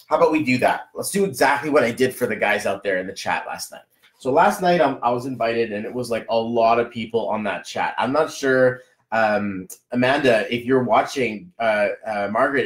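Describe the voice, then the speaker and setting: A man reading numerology on a casual live stream, chatty and excitable, greeting viewers by name. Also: mid-range voice. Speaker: numerology reader. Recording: echoey room.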